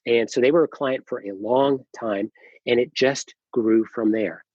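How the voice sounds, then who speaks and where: A middle-aged man, a company founder, telling his story as a podcast guest, animated, acting out quoted dialogue, with many fillers and restarts. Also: mid-range voice, unhurried, husky, no room sound, dull audio. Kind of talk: casual storytelling interview.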